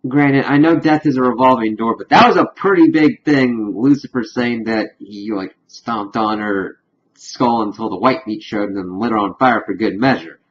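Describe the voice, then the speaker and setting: A man recapping a TV episode in a casual review vlog, chatty and slipping into quick acted-out asides. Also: medium pitch, slight background noise. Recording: dull lo-fi recording.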